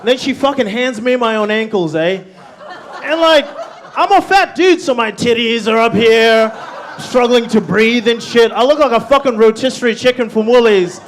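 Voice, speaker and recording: A man's voice: very high-pitched, animated, normal speed, a little hiss or hum. A man performing a crude live stand-up set in a comedy club, brash and laughing through his punchlines.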